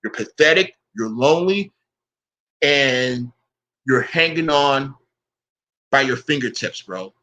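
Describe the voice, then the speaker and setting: A man's voice: mid-range voice, animated, slow pace, pauses often, pushed and bright. A man in a profane, confrontational rant to camera. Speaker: online commentator.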